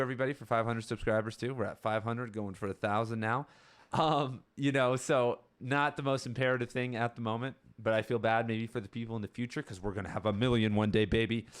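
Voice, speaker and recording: A man hosting a podcast, talking casually and rambling about a book chapter in a relaxed way. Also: medium pitch. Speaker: podcast host.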